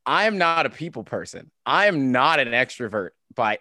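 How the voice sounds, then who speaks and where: A man in his thirties from Kansas with a flat Midwestern American accent and a hint of Southern twang, telling stories on a podcast with frequent laughs and restarts. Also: medium pitch, normal speed, no echo. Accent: flat Midwestern American, occasional Southern twang. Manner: animated storyteller, laughs often, many restarts. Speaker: podcast guest. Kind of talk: casual podcast conversation.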